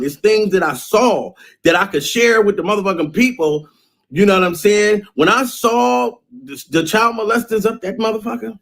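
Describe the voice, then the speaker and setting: A man ranting in a loud, mocking way, often laughing between phrases. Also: high voice. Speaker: vlogger. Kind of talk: profane rant.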